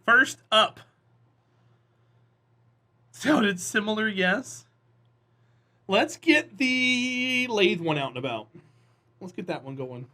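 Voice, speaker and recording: A man's voice: high-pitched, expressive, slow, pauses often, pushed and bright. A man streaming a space game live, chatting casually and encouraging his viewers as he plays.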